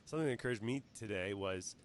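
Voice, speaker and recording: A Canadian man hosting a casual livestream interview, talking in quick, rambling, earnest bursts. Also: fairly low pitch, slight background noise. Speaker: host.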